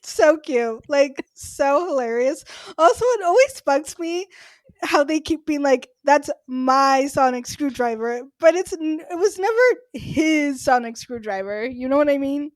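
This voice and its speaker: A woman's voice: high voice, animated, measured pace, a little mellow, no room sound. A woman co-hosting a podcast, talking in a casual, chatty way with many "like" fillers. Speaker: podcast co-host. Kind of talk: casual chat.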